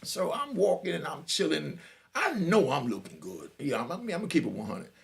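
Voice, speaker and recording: Middle-aged man, gravelly and lively storyteller, swaggering, laughs a lot. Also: a little high, brisk. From New York. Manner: animated, swaggering, laughs often, fills with "you know what I mean". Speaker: storyteller sharing prison stories. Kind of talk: casual storytelling.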